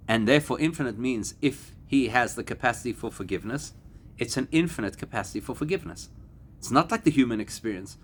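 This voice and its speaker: A man, a rabbi, giving a Torah class to a live audience, animated and climbing to emphatic peaks. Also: medium pitch. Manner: animated, rising to emphatic peaks and acting out quoted voices.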